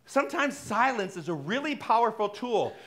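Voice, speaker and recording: A middle-aged man with a high, light voice preaches to his congregation. He talks in a conversational, playful way and slips into acted-out bits of everyday dialogue. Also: very animated, normal speed, fairly bright tone. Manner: conversational and playful, acting out little dialogues, laughing. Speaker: minister. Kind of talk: sermon. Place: church sanctuary.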